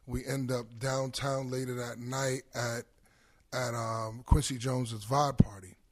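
Speaking in an unhurried, mid-range voice, a podcast guest tells a lengthy story full of profanity in relaxed conversation. He is a middle-aged Brooklyn native with a New York accent, and he animatedly performs the quoted lines of his friends.

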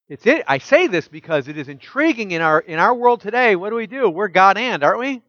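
A man preaching a sermon as pastor, emphatic and full of rhetorical questions, dropping soft and low when quoting scripture. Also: sing-song, a little fast, few pauses, no room sound, highs cut off.

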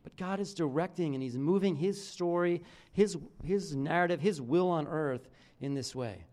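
A man preaching a sermon as pastor, talking casually with restarts, his phrases often dropping low and quiet at the end. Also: moderate pace.

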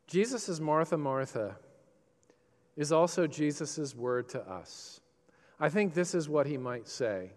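Guy preaching, voice a bit high for a man, big echoey church hall, goes loud then real quiet. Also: takes it slowly. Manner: expressive preaching, swings from loud passion to hushed tenderness. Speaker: pastor. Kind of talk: sermon. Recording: long hall reverb.

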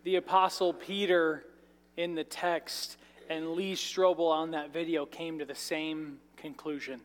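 A man's voice: a little high, level tone, a little slow. A male pastor preaching a sermon in a church sanctuary, conversational with light asides and jokes. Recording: reverberant large church hall.

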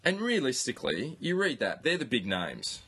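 A man's voice: medium pitch, wildly swooping pitch, normal speed, pushed and bright, breathy edge. An Australian man hosting a podcast, chatting casually about football, rambling with restarts and the odd swear. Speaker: podcast host. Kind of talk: casual chat.

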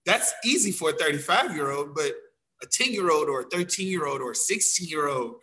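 A man's voice: a little high, animated, brisk, bright, forceful tone, rough recording. A man, a dance teacher, talking casually and acting out quotes of himself and others. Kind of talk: casual conversation.

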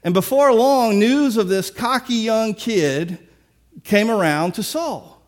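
A man preaching a sermon, retelling a story with lively, acted-out dialogue. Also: sits high, takes it slowly. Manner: animated storytelling, acts out characters. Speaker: pastor.

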